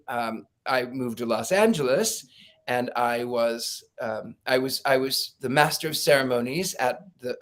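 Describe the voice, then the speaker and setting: A man, a psychic guest, telling stories in a casual interview and acting out the people he quotes. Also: mid-range voice. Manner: animated storyteller, acts out quoted voices, laughs.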